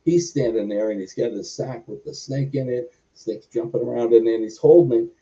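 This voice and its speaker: A wrestler telling a long backstage story in an interview, rambling with many fillers. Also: male voice, medium pitch, fairly quick, warm tone. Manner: rambling, filler-heavy anecdotes. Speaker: wrestler guest. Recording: muffled lo-fi recording.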